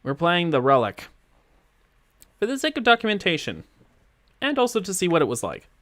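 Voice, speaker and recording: Streaming a game, a man giggles a lot as he rambles through casual commentary on a close mic with a pop filter. His voice is high and a bit bright, with huge pitch swings, and he talks at a moderate pace with no room sound.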